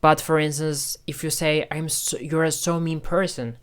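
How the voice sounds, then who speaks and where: A man's voice: fairly high pitch, flat delivery, moderate pace, fairly bright tone, clear, resonant tone. Chatty man giving a casual English lesson. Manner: chatty, repeats phrases with lots of "okay?". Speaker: English-learning YouTuber. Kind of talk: casual teaching to camera. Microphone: phone camera.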